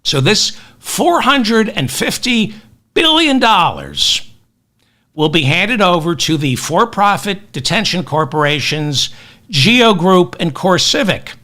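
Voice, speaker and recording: A man's voice: high-pitched, big pitch swings, slow, bright, forceful tone. A man hosting a comic news podcast, sardonic and exasperated, mixing rants with asides into his webcam. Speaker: podcast host. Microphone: webcam with automatic tracking.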